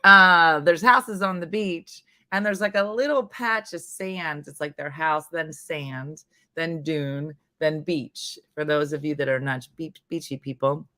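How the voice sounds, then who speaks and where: A woman from New Jersey with a Jersey accent hosts a casual live morning stream. Her voice is a bit hoarse, and she rambles chattily and laughs at herself. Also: low-pitched, a little slow, pushed and bright, no echo. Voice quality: slightly hoarse, husky. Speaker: morning show host.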